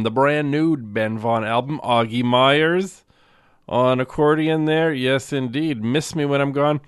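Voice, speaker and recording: A man's voice: medium pitch, clean tone, no echo. A man working as a radio DJ, chatting casually between songs in a rambling, joking way with loose fillers, speaking from a radio studio.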